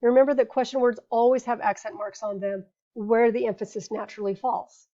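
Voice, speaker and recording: A woman teaching a grammar lesson, patiently explaining rules and saying each example word slowly before repeating it. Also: on the high side, steady tone, mellow. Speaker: Spanish teacher. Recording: dull lo-fi recording.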